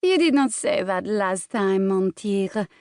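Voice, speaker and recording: A woman's voice: mid-range voice, animated, slow, darkish tone, clean tone, dry recording, studio quality. A woman voicing a seductive French woman with a French accent, teasing and fawning.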